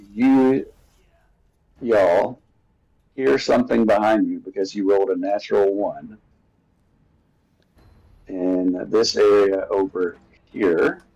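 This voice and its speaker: A man running a tabletop game as game master. His voice sits low with a gravelly fry to it. He talks in a relaxed, halting way with fillers. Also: low-quality recording. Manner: easygoing, halting rules talk with fillers.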